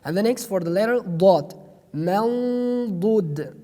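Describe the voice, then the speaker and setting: A slow, unhurried teacher with a mellow, dark tone walks through pronunciation rules in careful. The speaker hesitates often and drags out each example twice. A long reverb trails after every phrase. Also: medium pitch, expressive. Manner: hesitant, many pauses and fillers, repeats each example slowly. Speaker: Quran recitation teacher.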